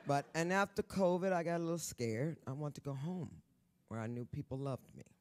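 A woman in her sixties, a guest author telling stories on stage at a live event, brassy, bawdy and loud, laughing often and talking straight to the audience. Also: low voice, moderate pace, slight background noise. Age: 60s. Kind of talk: storytelling on stage.

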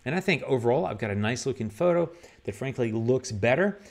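A man's voice: medium pitch, brisk, creaky. A man hosting a photo-editing tutorial, talking casually and thinking aloud as he works. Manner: relaxed, conversational, thinks aloud with fillers. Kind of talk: casual screen-recorded software tutorial.

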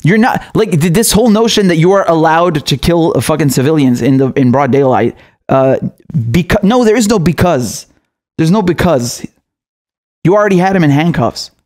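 A man's voice: a little high, normal speed, darkish tone. A man giving an angry commentary monologue, heated and profane, often stammering and restarting his sentences. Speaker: political commentator.

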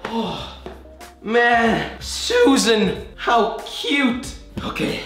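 A young man hosting an excited unboxing vlog, hyper, jokey and giggly. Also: sits high, takes it slowly, roomy sound, over loud music. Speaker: YouTuber.

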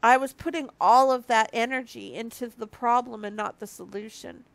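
Speaking at a moderate pace with fairly even intonation, this early-fifties woman has a voice on the high side, recorded with no echo. She's a marriage ministry speaker giving viewers a heartfelt, confessional devotional talk, teary, on the verge of crying, and often beginning sentences again.

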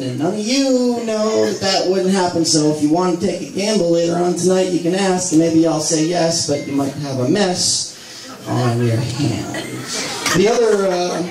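A man in his late thirties performs a rambling, self-deprecating spoken word monologue, his voice sitting somewhat high. He is recorded from a distance in a roomy venue, with a crowd laughing around him. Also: moderate pace. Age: late 30s. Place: small live venue with audience. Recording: roomy live recording from far off, crowd noise. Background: audience laughter.

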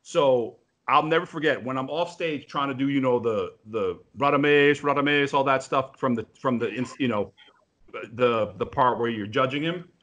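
This is a man co-hosting a casual video-call chat among opera singers. His voice is bright and forceful at a middle pitch. He tells stories with lively, profane energy and acts out the lines he quotes. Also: normal speed, highs cut off. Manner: animated, profane storyteller who acts out quotes.

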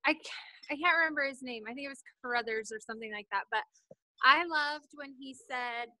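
A woman sharing takeaways on a team call, bubbly and excited, laughing often. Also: high voice, a little fast, no echo, rough recording. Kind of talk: casual video call chat.

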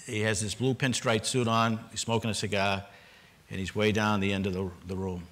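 A man's voice: fairly low pitch, little pitch movement, fairly quick, a bit bright. An older man from Boston, a panelist at a public forum, telling a personal story earnestly, with repeated restarts.

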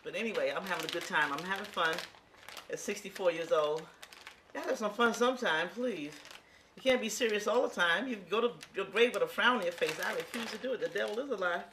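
Talking fast at a medium pitch over background noise, a woman in her sixties cooks in her home kitchen. She shows viewers a recipe in a casual, folksy style full of exclamations, speaking straight to them.

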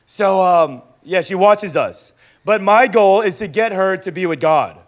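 A young adult man teaching in a sermon style, lively and acting out little dialogues as he goes. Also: high-pitched, measured pace. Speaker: pastor teaching a discipleship school.

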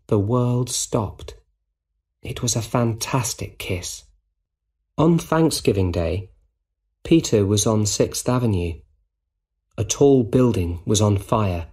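A man narrating a simple story for English learners, reading clearly and deliberately. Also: on the low side, mellow.

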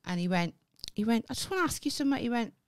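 A woman's voice: on the high side, expressive, rapid-fire. A woman co-hosting a comedy podcast, telling a story animatedly, acting out quoted lines and swearing freely. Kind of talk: casual storytelling chat.

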